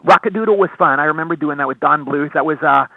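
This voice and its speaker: A middle-aged man, an actor, telling stories in an excitable, rambling way during an interview. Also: a little high, gravelly, no room sound. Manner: excitable storyteller, quick rambling delivery. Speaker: actor guest. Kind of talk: casual interview over phone. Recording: tinny dry phone line.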